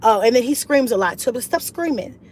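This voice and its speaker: Chatty, animated mom vlogger woman. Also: brisk, a little hiss or hum. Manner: animated and chatty, often jumps high in pitch and laughs; slangy, relaxed street talk. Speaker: mom vlogger and channel host. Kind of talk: casual livestream chat reading viewer comments.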